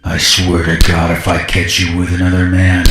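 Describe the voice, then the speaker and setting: A drunk, menacing boyfriend, as a male narrator puts him on, growling his threats low and slow. The voice sits very deep. Faint music plays under the animated story. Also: heavy reverb, close to an everyday voice.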